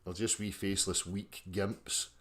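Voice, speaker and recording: A man's voice: low voice, flat delivery, measured pace, a bit bright. A Scottish man hosting a livestream, reading out chat and mocking his critics in a sweary, combative rant.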